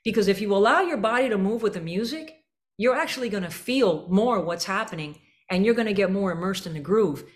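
An energetic woman leads a band rehearsal, breaking off to scat and sing the rhythms she wants. Her talk is lively coaching in a school rehearsal room. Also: mid-range voice, fairly quick. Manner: energetic, scats and sings rhythms to demonstrate. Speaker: band clinician. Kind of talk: rehearsal coaching with sung examples.

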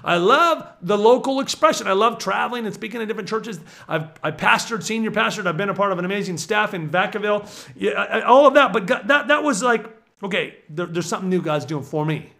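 High gravelly male voice, bright tone, excitable preaching, sudden shouts. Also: fast. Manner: excitable, swings from low murmurs to shouts. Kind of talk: energetic preaching monologue.

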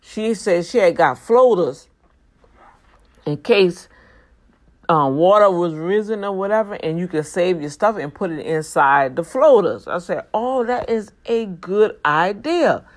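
A vlogger speaks straight to regular viewers in a casual monologue. The delivery is emphatic and preachy, broken by prayerful asides. The pitch jumps high whenever a point needs hammering home. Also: animated, measured pace. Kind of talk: casual monologue with urgent warnings.

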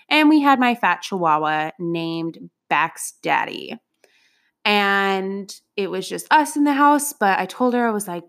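A young adult woman telling a personal anecdote in a casual, profane and animated way, at times breaking into loud outbursts. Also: mid-range voice, vocal fry. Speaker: storyteller.

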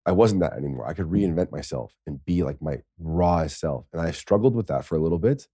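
Deep-voiced American man telling stories. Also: a little fast, husky, no room sound, studio quality. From United States. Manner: lively, swears, acts out quoted speech. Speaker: podcast guest. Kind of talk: casual storytelling.

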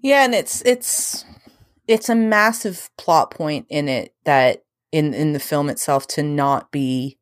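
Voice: medium pitch, slow, no echo, studio quality. A person casually discussing a film, rambling with many fillers. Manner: rambling, filler-heavy, lively. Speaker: film reviewer. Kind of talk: casual film review chat.

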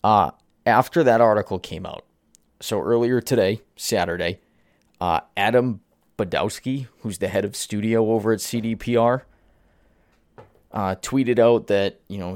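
Guy ranting on his podcast, kinda low voice, fed up, super dry sound. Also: no room sound. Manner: ranting, exasperated, swears at target. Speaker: podcast host. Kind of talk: solo commentary podcast.

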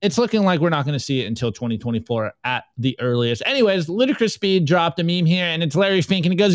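A man's voice: fairly high pitch, animated, fast, few pauses, no echo. A man co-hosting a podcast, chatting casually and jokingly as he reads memes aloud, laughing often. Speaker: podcast co-host reviewing memes. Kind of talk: casual chat.

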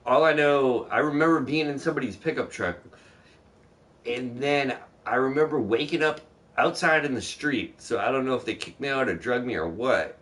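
A man's voice: mid-range voice, normal speed, fairly bright tone. A man telling a long story in a casual chat, rambling and swearing, acting out the other people's lines as he goes. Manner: rambling, profane, acts out quoted voices.

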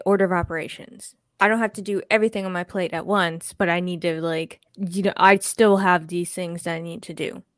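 A woman's voice: lowish voice, no room sound, clean studio sound. A woman co-hosting a podcast, chatting candidly and laughing as she tells stories. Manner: candid, laughs often, animated storytelling. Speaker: podcast co-host. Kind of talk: casual chat.

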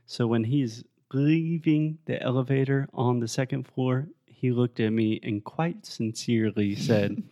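A man co-hosting a podcast in casual chat, telling stories in a wry, deadpan way and correcting word usage. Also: medium pitch, a little slow, hardly any pauses, no echo, lo-fi sound. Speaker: podcast co-host.

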